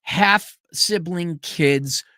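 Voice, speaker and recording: A man's voice: a little high, drawn-out words, sharp tone, no echo, studio quality. A middle-aged man ranting in a sarcastic, rambling, profane monologue as a podcast host.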